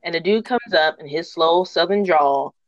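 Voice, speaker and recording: A woman hosting a podcast, telling rant stories in a lively, slangy, laughing way. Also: on the low side, normal speed, no echo. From northern United States. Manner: animated, slangy, laughing storyteller. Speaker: podcast host. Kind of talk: casual storytelling rant. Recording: dull lo-fi recording.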